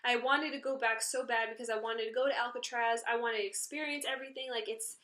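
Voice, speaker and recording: A woman casually telling a story about something that happened to her, in an indignant, animated way. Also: on the high side, fast. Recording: roomy echo.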